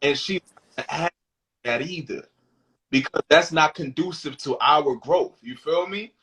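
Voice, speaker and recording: A man with a somewhat high voice co-hosts a candid talk show. He speaks bluntly and with emphasis, swearing freely as he makes his points. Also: a little slow, a bit bright, a little hiss or hum, poor audio. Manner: reads out viewer questions. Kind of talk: candid casual chat.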